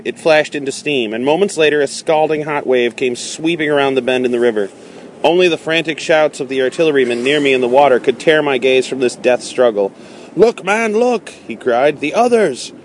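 Male narrator, mid pitch, measured dramatic storybook delivery, faint background noise. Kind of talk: first-person storybook narration.

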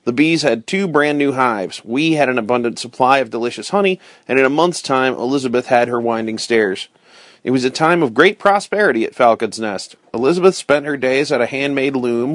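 Male storyteller, first-person read-aloud, steady and clear, dry close recording. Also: medium pitch, no room sound. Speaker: narrator.

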